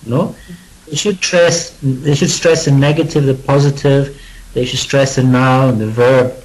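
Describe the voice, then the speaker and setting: A man's voice: medium pitch, steady tone, unhurried, a little mellow, poor audio. A man with a British accent teaching a pronunciation lesson, modeling words for students to repeat and adding chatty, joking asides. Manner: demonstrative, leads students through word repetition. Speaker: English teacher.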